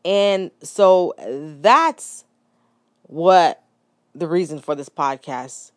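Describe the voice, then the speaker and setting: A woman's voice: on the low side, drawn-out words, no room sound. A woman in her thirties hosting a personal podcast, telling a story in a candid, reflective way with frequent restarts and asides. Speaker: podcast host.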